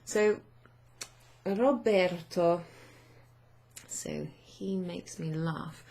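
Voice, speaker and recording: Woman language tutor with a gravelly, low-pitched voice. Slow, thinking-aloud delivery. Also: darkish tone. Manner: unhurried, thinking aloud with many fillers. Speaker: language teacher. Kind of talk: explaining grammar to students.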